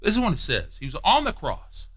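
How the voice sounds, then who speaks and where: Male preacher, emphatic and repetitive, animated pitch swings. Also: a little fast, slightly rough, poor audio. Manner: emphatic, repeats phrases, swings between hushed and raised. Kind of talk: sermon.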